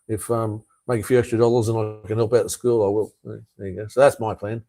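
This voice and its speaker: A man's voice: lowish voice, level tone, quick pace, warm tone. Rambling Australian man live-streaming. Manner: rambling, with frequent "uh", "mate" and "hey". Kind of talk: casual live-stream chat, reading viewer comments.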